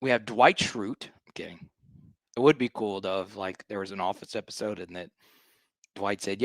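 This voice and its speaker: A man's voice: fairly low pitch, moderate pace, no room sound. A man hosting a sports fan livestream, ranting in a fired-up, hyped way and repeating lines for emphasis. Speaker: sports show host.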